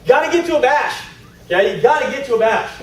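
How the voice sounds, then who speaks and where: A man giving an energetic, animated seminar talk to a room of people, acting out stories in voices. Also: very high-pitched, fast talker. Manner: animated storytelling with acted-out voices. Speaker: network marketing trainer. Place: large meeting room. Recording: echoey hall from far off.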